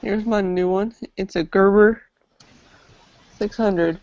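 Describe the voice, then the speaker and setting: A man in a casual chat among friends, giving short, slow, cagey replies. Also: high-pitched, steady tone, darkish tone. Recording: dull lo-fi recording with faint noise.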